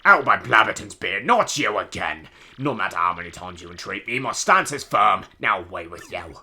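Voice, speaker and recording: Guy doing a grieving old sea dog, fake british accent, lively ups and downs, bright tone. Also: lowish voice, moderate pace, slightly rough, exaggerated voice. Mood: stern. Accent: put-on British. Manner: stiff, old-fashioned, solemn. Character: old male sea-faring bomb sailor, mournful and formal.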